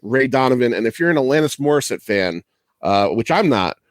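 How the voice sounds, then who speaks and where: A male podcast host with a middling pitch rambles through trivia in loose, profane chat, talking a little fast and laughing at his own asides. He is very animated. The recording is dry and close, with no echo or room sound.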